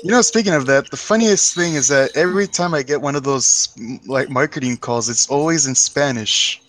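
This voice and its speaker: A man's voice: medium pitch, fairly quick, fairly bright tone, a little hiss or hum. A man in a casual group chat, making dry jokes. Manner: dry joking.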